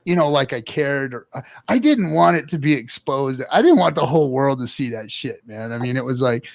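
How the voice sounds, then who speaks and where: A man telling a long story in casual chat, profane and animated, acting out the people he quotes. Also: mid-range voice, brisk, gravelly, no room sound. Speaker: show regular.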